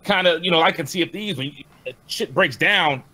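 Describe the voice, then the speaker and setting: A man with a bright, sharp-edged voice, sitting slightly high, rambles through a casual gaming chat. He tosses in jokes as he goes. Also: moderate pace.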